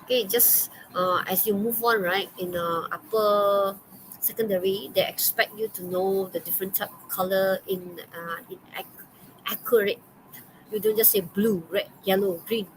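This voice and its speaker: Speaking at a medium pitch with a steady tone and moderate pace, a Malaysian-accented woman teaches English online, chatting loosely, laughing often and using many okays and fillers. The audio is poor, with a faint noise under her voice.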